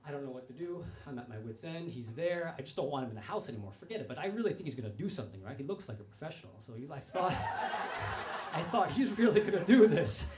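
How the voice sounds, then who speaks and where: A man's voice: mid-range voice, animated, fast, a little hiss or hum. A man telling a personal story on stage in a conversational way, often checking in with tag questions. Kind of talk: live storytelling to an audience.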